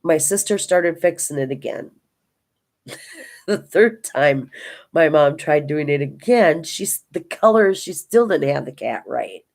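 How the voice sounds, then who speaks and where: A woman's voice: deep voice, animated, a little slow, vocal fry. An older woman from Minnesota chatting casually to viewers about her craft hobby and telling homey, rambling family stories. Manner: rambling, homey storytelling with many restarts. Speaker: diamond painting vlogger.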